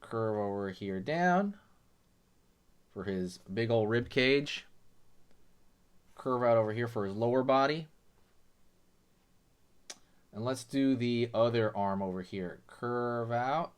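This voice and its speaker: A man's voice: mid-range voice, slow, long pauses, clear, resonant tone. A man hosting a drawing lesson, talking casually and explaining each step with lots of "you know" and "right". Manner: relaxed, chatty, many fillers like "you know" and "right". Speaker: drawing tutorial host.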